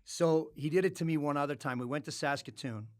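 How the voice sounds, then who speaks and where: Middle-aged man, studio podcast guest, animated, swearing storyteller, dry close mic. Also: fairly high pitch, brisk, no echo. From Canada. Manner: animated, profane storyteller with loud outbursts. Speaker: podcast guest, former hockey player. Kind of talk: casual storytelling.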